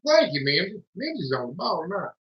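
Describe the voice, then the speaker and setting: A man's voice: high voice, sing-song, fairly quick. A man with a Southern US accent, telling folksy stories as a livestream co-host in casual chat. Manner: folksy drawling storyteller. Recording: echoey room, dull lo-fi sound.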